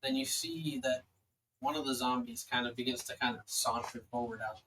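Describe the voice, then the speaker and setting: A man's voice: mid-range voice, moderate pace, bright, forceful tone, a little hiss or hum, rough recording. A man running a tabletop game as game master, narrating a battle in a loose way with many fillers.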